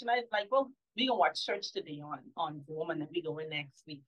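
A woman guest on a faith podcast, telling a personal story candidly and often dropping to a soft, low voice. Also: fast talker. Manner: candid, often drops to a soft, low voice when recalling things. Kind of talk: casual storytelling conversation. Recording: slightly dull lo-fi sound.

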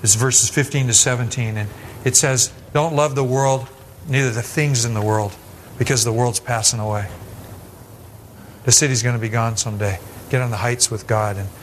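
A man's voice: mid-range voice, steady tone, normal speed, slight background noise. A man pastor giving a sermon in a conversational style, acting out quoted voices as he goes and often restarting his sentences.

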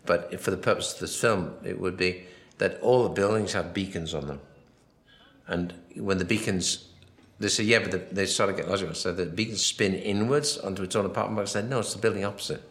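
A man's voice: low-pitched, fairly quick, fairly bright tone, echoey room. A man giving a film commentary, rambling and anecdotal, acting out quoted dialogue as he goes. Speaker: film director.

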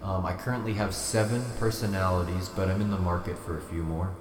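Deep-voiced deadpan podcast host. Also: male voice, a little fast. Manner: deadpan, absurd and self-deprecating. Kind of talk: rambling comedic monologue. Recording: echoey room with long reverb, faint music.

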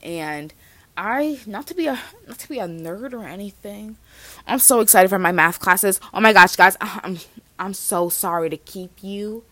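A woman's voice: medium pitch, normal speed, bright, forceful tone, no echo. A young woman in her twenties hosting a casual solo podcast, bubbly and rambling, peppering her talk with "like". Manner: bubbly, rambling, heavy use of "like". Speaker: podcast host.

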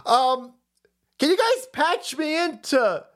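A man's voice: extremely high pitch, sing-song, slow pace, a bit bright, voice pushed up, heavily acted. A man putting on the voice of a panicky older man who stammers and pleads with the police. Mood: panicky pleading.

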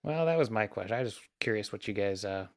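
Relaxed, joking podcast co-host man. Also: lowish voice, quick pace. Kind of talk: casual chat.

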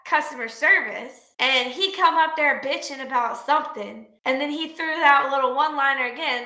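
High, bright-voiced woman telling stories. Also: normal speed, few pauses, echoey room. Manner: profane, animated storytelling with laughs. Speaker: podcast co-host. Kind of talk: casual storytelling chat.

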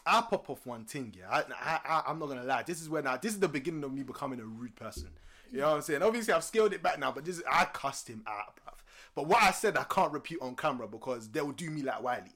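A young man with a London accent, casually telling a story on a podcast, animated and laughing often. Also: fast talker. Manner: animated, swings loud and high when excited, laughs often. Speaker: podcast co-host.

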